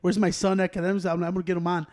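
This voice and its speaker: A man chatting casually on a podcast, telling animated stories with loud acted-out quotes and lots of laughter. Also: sits high, racing. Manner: animated storytelling, acts out quotes loudly; swears a lot, laughs often. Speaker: podcast co-host. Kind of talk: casual chat.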